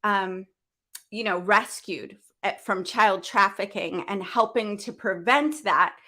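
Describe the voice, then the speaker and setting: A woman hosting a business event livestream, talking earnestly and with deep feeling, open about her faith, often starting sentences over. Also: slow, bright, forceful tone. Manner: earnest, heartfelt, faith-filled, rambling with restarts. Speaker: event host. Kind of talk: emotional livestream talk.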